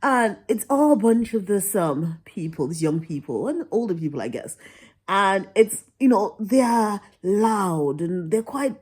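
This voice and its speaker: A woman's voice: mid-range voice, animated, unhurried, a little mellow. A tired woman vlogging casually to camera, rambling and laughing at herself as she talks. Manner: rambling, laughing and self-deprecating.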